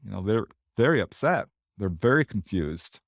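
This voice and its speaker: A man, a paranormal investigator, telling anecdotes in a casual interview in an animated way. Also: on the low side, normal speed, creaky, dry recording, studio quality. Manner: animated, anecdotal, laughs between lines.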